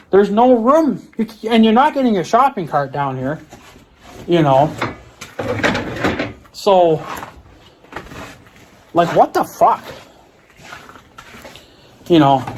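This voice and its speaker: Recorded with a little hiss or hum, a middle-aged vlogger in a somewhat high, slightly mellow voice vents angrily at home by his mower and four-wheeler. Profane and fed up, he keeps repeating himself and fumbling his words.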